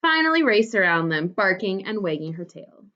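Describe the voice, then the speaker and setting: A woman teacher reading a storybook aloud to second graders with expressive storytelling. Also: medium pitch, normal speed. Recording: dull lo-fi recording.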